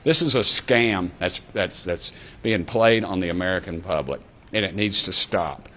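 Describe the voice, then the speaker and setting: A man's voice: low voice, normal speed, pushed and bright, a little hiss or hum. A congressman with an East Tennessee accent giving an impassioned, folksy speech in a clip played on a podcast. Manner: folksy, exasperated, repetitive.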